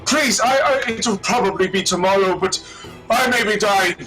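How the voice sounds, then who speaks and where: A man voicing an excitable, rambling older male guide who talks fast and fussily, trailing off mid-thought. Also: high voice, faint music behind, poor audio. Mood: thrilled. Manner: fast-talking, fussy, trails off.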